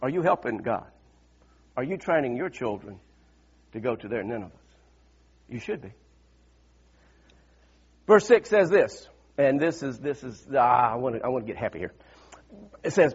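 High-voiced husky preacher man. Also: very animated, a little slow, pauses often, highs cut off. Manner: calls on congregation to repeat lines, builds to shouts. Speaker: pastor. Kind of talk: sermon with personal story.

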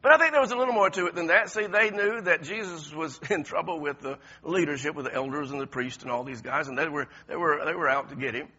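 A man preaching a sermon, moving from quiet, intense passages to loud shouted ones, often laughing as he talks. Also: fairly high pitch, quick pace, hardly any pauses, husky. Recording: lo-fi, dull sound.

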